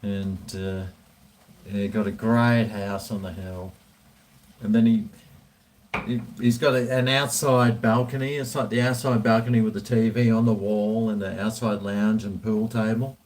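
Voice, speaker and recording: Laid-back guy, low voice, unhurried drinking-session ramble. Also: fairly even intonation, a little mellow. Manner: rambling, swears freely. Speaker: vlogger. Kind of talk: casual chat while drinking.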